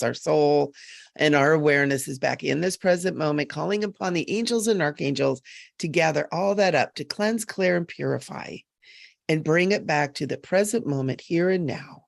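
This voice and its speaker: Woman, psychic medium, live-stream chatter, gravelly, earnest, emphatic, dry webcam sound. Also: sits low, no echo.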